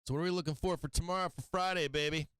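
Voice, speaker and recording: A man hosting a live stock market stream, walking through charts in a brash, excitable way with casual swearing. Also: fairly high pitch, very fast, clean tone, no room sound. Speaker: stock market show host.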